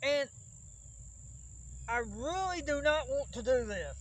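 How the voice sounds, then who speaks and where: Host for a backyard wrestling vlog: a very high-pitched man with a Southern Alabama accent, rambling and worried, recorded outdoors among insects. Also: animated, takes it slowly, poor audio. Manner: rambling and fretful, with restarts. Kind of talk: casual rambling vlog talk.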